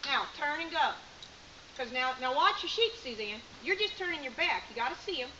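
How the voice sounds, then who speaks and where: High-voiced woman coaching outdoors. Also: expressive, moderate pace. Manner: directive, chatty, explains as she goes. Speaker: sheepdog trainer. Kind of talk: coaching at a training clinic. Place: outdoor field with sheep. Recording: muffled outdoor recording with hiss.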